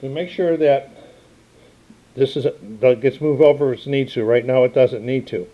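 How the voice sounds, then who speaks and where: A man's voice: mid-range voice, fairly even intonation, moderate pace, highs cut off. Older man plainly explaining a board game. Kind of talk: casual tabletop game walkthrough. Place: room at home by a game table. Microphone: camera microphone.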